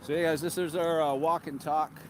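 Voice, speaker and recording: A man's voice: a little high, level tone, brisk. A man hosting a walk-and-talk livestream outdoors, holding a handheld mic as he walks. He sounds a little out of breath from walking and keeps his chat casual, reading viewer comments aloud. Faint street noise sits behind his voice. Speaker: livestream host. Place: outdoors on a street in cold weather. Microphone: handheld microphone.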